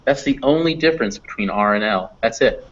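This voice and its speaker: A man's voice: fairly low pitch, animated, a little fast, fairly bright tone. A man teaching English phonetics in a live online class, explaining patiently with fillers over a computer mic. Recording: dull lo-fi online class audio.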